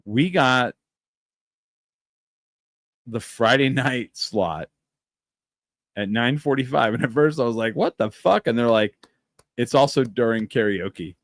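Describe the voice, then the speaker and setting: A man's voice: medium pitch, slow, long pauses, no echo. A man hosting a podcast in casual chat, telling stories with animation and acting out quoted lines. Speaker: podcast host.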